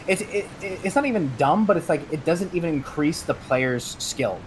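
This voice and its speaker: A man's voice: a little high, lively intonation, normal speed, a little hiss or hum. Rambling male streamer in chat. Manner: rambling, many restarts and fillers. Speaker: guest streamer. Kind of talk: casual gaming chat.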